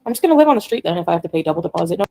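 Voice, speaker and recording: A woman's voice: on the low side, very animated, rapid-fire, warm tone, low-quality recording. A woman on a casual livestream, talking bluntly, ranting and reading chat aloud.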